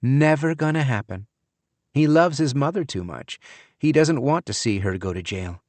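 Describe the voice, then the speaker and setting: A man's voice: mid-range voice, animated, moderate pace, darkish tone, dry recording, voice pushed up, lightly acted. A man voicing a cold, scheming young woman in an audiobook, with a breezy, offhand delivery. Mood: breezy, callous. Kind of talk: audiobook character voice.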